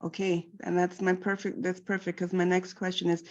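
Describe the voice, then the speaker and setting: A woman at a workshop asking halting, inquisitive questions. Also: little pitch movement, a little mellow. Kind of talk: group discussion. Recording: muffled low-fidelity audio.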